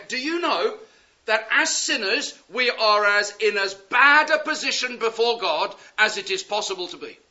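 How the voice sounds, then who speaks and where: High, bright-voiced pleading preacher. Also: male voice, animated, normal speed. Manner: impassioned, pleading, swings from loud to hushed. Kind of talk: sermon. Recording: dull lo-fi sound.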